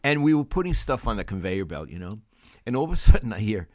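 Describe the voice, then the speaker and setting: A man's voice: mid-range voice, quick pace, dry recording, studio quality. An older man, co-hosting a podcast and telling family stories with lots of laughter. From Brooklyn, New York. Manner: animated storyteller, laughs often. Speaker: podcast co-host. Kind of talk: casual storytelling chat.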